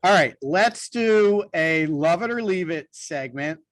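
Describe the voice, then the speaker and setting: A man with a fairly high voice co-hosts a business podcast, explaining ideas in an easygoing, conversational way. The sound is dry and close, with no room around him. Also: expressive, slow pace, dry recording. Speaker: podcast co-host.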